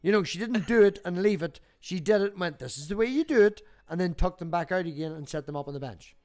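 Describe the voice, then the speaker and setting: A man in his thirties tells stories on a livestream, swearing freely. His voice sits a touch high for a man and gets animated as he talks. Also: fast. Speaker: livestream host. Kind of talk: casual chat.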